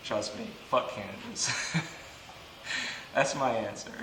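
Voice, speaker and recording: A man from Georgia, a motovlogger, talking casually in an interview with a profane, animated ranting manner. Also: mid-range voice, drawn-out words. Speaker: motovlogger guest. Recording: echoey room, far from the mic, noisy.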